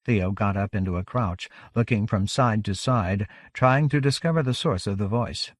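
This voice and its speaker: A man's voice: lowish voice, no echo. Man reading a novel aloud, dry. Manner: measured, steady reading. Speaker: audiobook narrator. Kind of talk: scripted narration.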